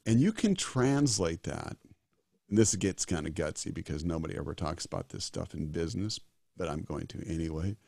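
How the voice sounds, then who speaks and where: A man's voice: deep voice, animated, moderate pace, vocal fry, darkish tone, breathy edge, no room sound, clean studio sound. A man in his sixties, a disaster doctor as a guest, talking earnestly and emphatically and repeating his key phrases. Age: 60s. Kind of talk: earnest interview talk.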